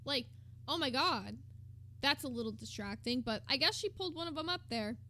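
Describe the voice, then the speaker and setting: Bright high-voiced woman streamer. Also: animated, normal speed. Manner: gossipy, sarcastic. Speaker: streamer reacting to a live stream. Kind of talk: casual commentary.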